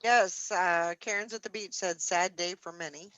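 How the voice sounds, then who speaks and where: A woman's voice: on the low side, moderate pace, fairly bright tone, dry recording, highs cut off. A woman co-hosting a casual chat, giving brief agreeing replies and reading out comments.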